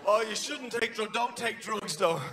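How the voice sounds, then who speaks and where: A man with an Irish accent doing stand-up comedy, talking in a manic, shouting way and acting out characters. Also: sits high, moderate pace. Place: theatre stage before a live audience. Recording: live show with audience noise.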